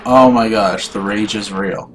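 A young man playing a video game and commenting as he goes, swearing a lot and swinging from low muttering to shouting in frustration. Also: fairly even intonation, measured pace, slight background noise. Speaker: gaming YouTuber. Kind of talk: raging gameplay commentary.

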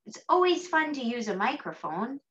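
A woman teaching an early childhood music class, gentle and sing-song, with hushed asides. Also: sits high, big pitch swings, moderate pace, a little hiss or hum. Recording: dull lo-fi sound.

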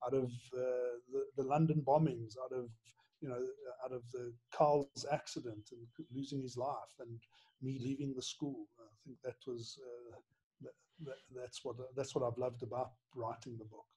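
A middle-aged man, a former headmaster and author, reflecting in an interview with many pauses and restarts. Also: mid-range voice, flat delivery, warm tone. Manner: halting, many restarts, earnest and emotional.

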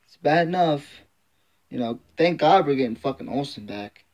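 A man's voice: medium pitch, expressive, moderate pace, darkish tone, highs cut off. A man ranting in frustration as a sports fan vlogger, swearing constantly and repeating himself. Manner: frustrated, profane, repetitive ranting. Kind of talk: angry fan rant.

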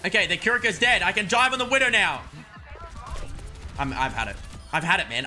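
A young man giving excitable live commentary while playing a game, swinging between muttered frustration and loud yelps. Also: high-pitched, a little fast, long pauses, faint music behind. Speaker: gaming streamer.

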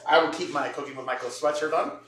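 A man's voice: on the high side, fast talker, fairly bright tone, slight background noise. A man hosting a home cooking show, joking and rambling with lots of fillers and restarts. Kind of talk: casual cooking show banter. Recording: roomy, from a distance.

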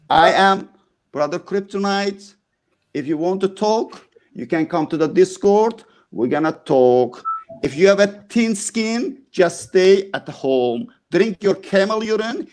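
High-voiced man, halting fervent speech. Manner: halting, many fillers, non-native grammar; forceful, mocking. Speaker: guest speaker. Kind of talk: impassioned live-stream testimony.

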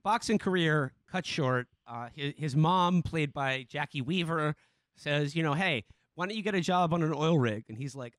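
Halting man on a dry podcast mic. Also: fairly high pitch, a bit bright, dry recording. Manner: halting, many restarts and fillers. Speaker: podcast co-host. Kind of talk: casual film-discussion chat.

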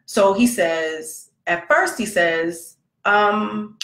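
A woman's voice: medium pitch, drawn-out words. A woman telling a long personal story about her son, talking casually and acting out the dialogue. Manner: animated, conversational, acts out quoted dialogue. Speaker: podcast host, mother. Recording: roomy echo.

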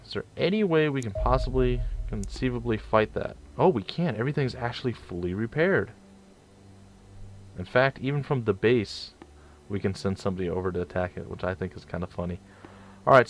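Lowish young guy doing let's play commentary, rambly, stutters a lot, laid back. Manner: rambling, stumbling over words. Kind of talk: casual gameplay commentary.

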